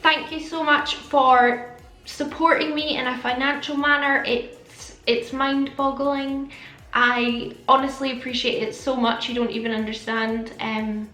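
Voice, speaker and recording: A woman's voice: sits high, little pitch movement, unhurried, sharp tone, roomy sound. Chatty Scottish woman with a slight lisp. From Scotland. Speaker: beauty vlogger. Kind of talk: casual chat to camera.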